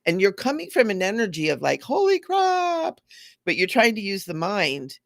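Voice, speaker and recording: A woman's voice: mid-range voice, expressive, brisk, vocal fry, a bit bright, no echo, clean studio sound. A woman giving an earnest spiritual teaching talk, now and then acting out the voices she quotes.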